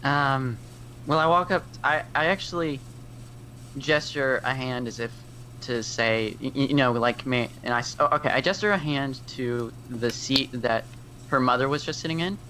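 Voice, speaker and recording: A man's voice: mid-range voice, moderate pace, bright, forceful tone, slight background noise. A man playing an online tabletop game, hesitant and stumbling over his words as he describes what his character does. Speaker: player. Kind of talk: casual tabletop role-play.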